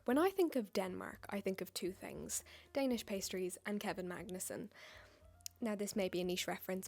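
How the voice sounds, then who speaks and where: A woman with an English accent, chatting in a casual vlog as a baker, joking and poking fun at herself. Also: mid-range voice. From United Kingdom. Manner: jokey, self-mocking, chatty asides. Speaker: baker and video creator. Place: home, tripod camera.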